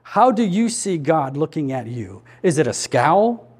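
Man preaching, somewhat high voice, earnest and conversational, pastor addressing a congregation. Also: very animated, unhurried, darkish tone, husky. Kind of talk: sermon. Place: church.

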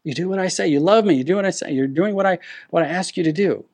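A man preaching a sermon, walking his listeners through a text verse by verse. His voice sits a little above the usual male pitch, and he leans hard on key words, often restarting his sentences. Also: fast talker, darkish tone, breathy edge. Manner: teaching verse by verse, emphatic with frequent restarts. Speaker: pastor.

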